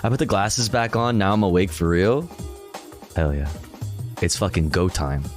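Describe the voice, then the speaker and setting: A man's voice: sits low, animated, moderate pace, soft background music. A man chatting casually and crudely with viewers on a livestream while he reacts to clips.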